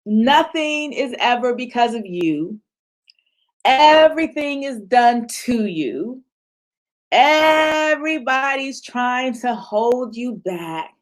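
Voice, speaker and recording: Woman speaker, slightly high voice, lively motivational talk over a video call. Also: takes it slowly. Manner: animated, acts out voices of others, laughs often. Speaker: speaker at a virtual retreat.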